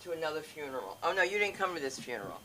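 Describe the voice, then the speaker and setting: A woman's voice: low-pitched, sing-song, rapid-fire, bright, forceful tone, slight background noise. A woman hosting an open mic comedy night, chatting and teasing before she hypes up the next act. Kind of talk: casual stage banter. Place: comedy club stage.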